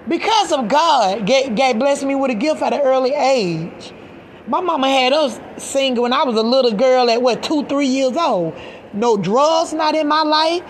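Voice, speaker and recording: A middle-aged mother speaking out in a video rants to camera, impassioned, agitated, and emphatic, swearing and repeating herself. Her voice is high-pitched, with a little hiss or hum in the recording.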